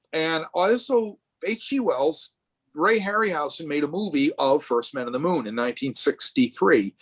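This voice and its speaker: A middle-aged man from Rhode Island joins a live artist event over a video call as the guest artist. His voice is on the high side and a bit bright, and he rambles with many restarts and fillers.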